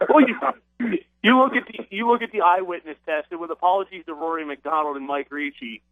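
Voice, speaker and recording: Higher-voiced host on tinny radio audio. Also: male voice, fairly quick, no room sound. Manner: casual, with hesitations. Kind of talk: radio interview.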